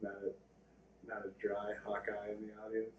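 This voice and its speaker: A man co-hosting a comedy podcast, playfully pitching tags and acting out quick voices in casual banter. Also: monotone, muffled recording. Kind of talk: casual joke-writing banter. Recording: echoey room, distant mic, faint background noise.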